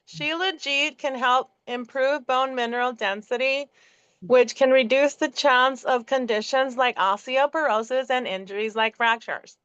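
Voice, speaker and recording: A woman's voice: sits high, steady tone, a little slow, fairly bright tone, smooth, no room sound. A middle-aged woman hosting a casual podcast, reading aloud and chatting, profane and laughing at herself. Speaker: podcast host. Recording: dull, dry lo-fi audio.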